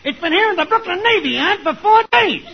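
An actor playing a brash, mocking dockworker in a 1940s radio comedy, loud and incredulous. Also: male voice, very high-pitched, lively intonation, fairly quick, vocal fry, dull audio, heavily acted.

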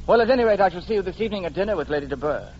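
An actor plays a proud, reserved young gentleman in a radio drama, formal and a little halting. His pitch swings widely and sits somewhat high for a man. The recording is dull and lo-fi, with a faint hiss. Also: animated. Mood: earnest. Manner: stiffly formal, halting, courtly. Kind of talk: radio play acting. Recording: dull lo-fi sound.

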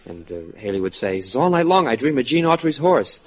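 A man on a radio comedy panel, telling jokes in a halting, stammering way. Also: mid-range voice, big pitch swings, very noisy. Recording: muffled old radio broadcast with studio audience.

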